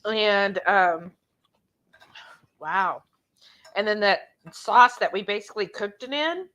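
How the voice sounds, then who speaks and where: A woman, co-hosting a live cooking stream and reading viewer comments aloud in a casual, unhurried way. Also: mid-range voice, lively intonation, a bit bright, poor audio. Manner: slow, unhurried, lots of ums.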